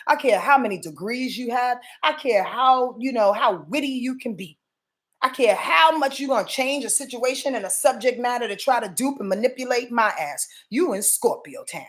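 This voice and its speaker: A woman acting out Scorpio as a person, blunt, territorial, confrontational, swearing, talking in a highish voice that swings up and down. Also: lively intonation, moderate pace, natural voice. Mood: defiant. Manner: profane, confrontational.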